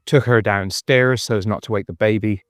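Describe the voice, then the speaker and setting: A man's voice: on the low side, fairly even intonation, moderate pace, no room sound, studio quality. An Irish man chatting and rambling in a phone voice note while walking outdoors. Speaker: podcast co-host. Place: park outdoors at dusk.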